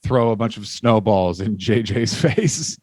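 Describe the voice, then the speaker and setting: A man's voice: on the low side, lively intonation, unhurried, a little mellow, dry recording. A Canadian man co-hosting a podcast, telling rambling jokey stories and acting out silly bits. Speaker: podcast co-host. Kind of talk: casual comedic chat.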